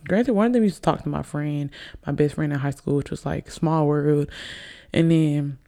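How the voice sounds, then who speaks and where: Tipsy woman with a gravelly voice. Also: low-pitched, moderate pace, warm tone. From Alabama, US. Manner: chatty, rambling, addresses listeners as y'all. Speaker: podcast host. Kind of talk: casual solo podcast chat. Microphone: desk microphone on camera.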